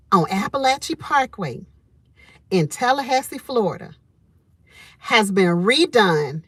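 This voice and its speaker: A woman's voice: medium pitch, no echo. Chatty woman telling a story. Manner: animated, chatty, laughs often. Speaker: homesteading channel host. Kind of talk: livestream storytelling to chat. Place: outdoors in a store parking lot.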